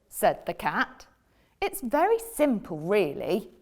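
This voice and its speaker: Teacher lady doing story time, slow and bouncy, pitch all over the place. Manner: animated and expressive storytelling. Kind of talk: reading a picture book aloud to children.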